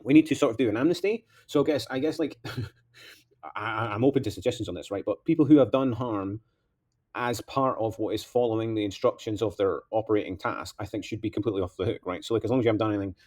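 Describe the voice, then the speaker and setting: A man's voice: on the low side, fast, darkish tone. A man delivering a rambling political monologue as a candidate, impassioned, veering between outbursts and mutters.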